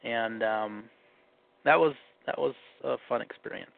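A man's voice: medium pitch, measured pace, vocal fry, no room sound. A man with a faint Minnesotan accent, casually telling his life story in a rambling, self-correcting way. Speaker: guest recalling his life. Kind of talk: casual conversation. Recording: phone-like narrow band.

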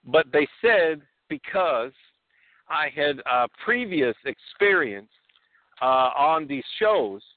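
A man's voice: a little high, big pitch swings, slow pace, dry recording. Rambling male caller on a tinny phone. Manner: rambling, many fillers. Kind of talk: casual boastful storytelling. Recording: tinny phone line, dry.

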